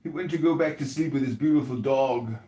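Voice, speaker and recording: A man moderating a heated online audio chat debate, mocking and sarcastic, who often breaks into shouting. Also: mid-range voice, brisk. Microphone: phone or computer mic in an audio chat app. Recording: roomy, echoey audio chat stream.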